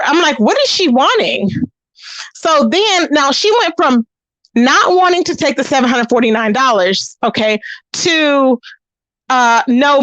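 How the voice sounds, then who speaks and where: A woman's voice: a little high, a bit bright, dry recording. A woman hosting a casual livestream, reading chat comments and gossiping straight to her viewers. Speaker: channel host.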